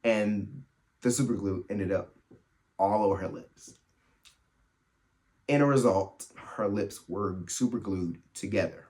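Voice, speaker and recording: Animated man telling family stories. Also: fairly low pitch. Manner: animated, laughs through his stories, quick asides. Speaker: podcast host. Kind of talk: solo storytelling chat.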